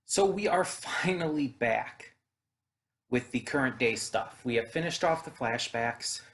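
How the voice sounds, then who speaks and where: A man's voice: medium pitch, fairly bright tone. A man hosting an anime reaction video, chatting casually with frequent fillers and restarts.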